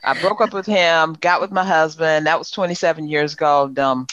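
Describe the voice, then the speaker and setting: A woman's voice: sits low, moderate pace, no echo, lo-fi sound. A middle-aged woman, an entrepreneur guest, telling stories in a casual interview, laughing often and acting out what others said. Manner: animated, laughs often, acts out quoted dialogue.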